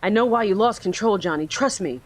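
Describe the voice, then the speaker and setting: Lady doing a low calm detective guy, talking someone down gently. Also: brisk, close to an everyday voice. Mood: soothing. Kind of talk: reading game dialogue aloud.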